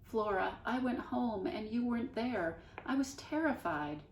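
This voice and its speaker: A woman's voice: fairly high pitch, animated, measured pace, slight background noise, voice pushed up. An emotional, pleading mother, as a woman reads her. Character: anxious loving mother, a grown woman. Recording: roomy sound from a distance.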